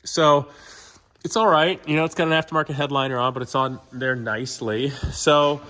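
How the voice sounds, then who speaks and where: Strolling through his shop for a casual vlog, a sick car-channel host talks candidly and rambles to "you guys" watching. His medium-pitched voice sounds pushed and bright, moving at a moderate pace with fairly even intonation, over a little hiss or hum.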